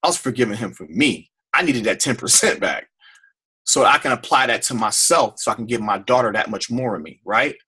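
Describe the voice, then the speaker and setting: A man tells his own story to a group, his voice husky with a bright, forceful edge. He talks with deep feeling and often repeats or restarts his phrases. It sounds like personal testimony rather than a lecture. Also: animated, fairly quick. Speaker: speaker on a team call.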